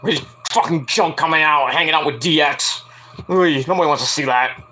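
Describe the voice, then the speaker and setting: A man's voice: on the high side, moderate pace, sharp tone. A man giving a casual, profanity-laced solo review of a wrestling match, rambling and acting out what people said with sudden yelps.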